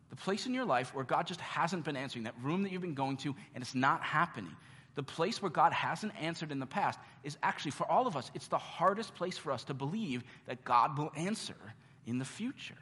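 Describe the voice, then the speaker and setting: A man preaching a sermon as pastor, earnest, with dramatic pauses and repeated questions. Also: medium pitch, a bit bright, slight background noise. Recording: long reverb of a large hall.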